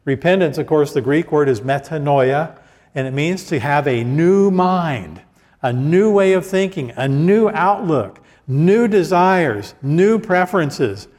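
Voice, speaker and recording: A man's voice: on the high side, expressive, measured pace, a little mellow. A man preaching a sermon in a conversational way, with frequent restarts and asides, reading scripture aloud between his own explanations. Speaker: pastor. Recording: hall reverb.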